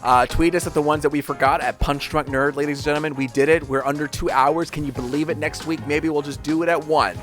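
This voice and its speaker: A man's voice: fairly high pitch, fairly even intonation, quick pace, few pauses, a bit bright, soft background music. A man hosting a podcast in casual chat, joking and thinking aloud with lots of fillers. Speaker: podcast host.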